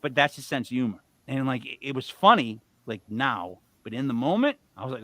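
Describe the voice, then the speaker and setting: This middle-aged co-host of a live show launches into a long, meandering story, animated and swinging between loud moments and mutters. He speaks briskly at medium pitch on a dry recording.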